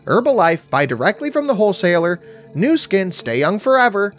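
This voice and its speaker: A man voicing a loud, pushy talking crow that rattles off sales pitches in an eerily human squawk. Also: big pitch swings, faint music behind. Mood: pushy hype. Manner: rapid nonstop sales-pitch rants. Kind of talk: audiobook horror narration.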